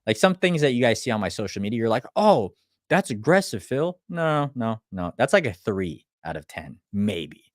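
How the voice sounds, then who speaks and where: A man's voice: fairly low pitch, lively intonation, a little fast, hardly any pauses, dry recording, clean studio sound. A young man, an online business coach, talking bluntly and with plenty of profanity on a casual livestream. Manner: blunt, profane, acts out clients' lines.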